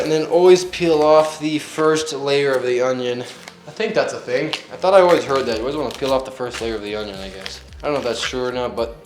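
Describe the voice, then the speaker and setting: A man's voice: medium pitch, darkish tone. A young man chatting casually while cooking in his home kitchen, joking and yelping as onions make him cry. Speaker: home cook. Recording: echoey room, faint music.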